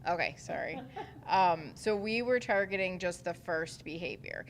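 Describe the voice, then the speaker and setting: A woman social worker sharing her group's ideas at a workshop, soft-spoken and a bit apologetic. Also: fairly low pitch, moderate pace. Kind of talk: group share-out.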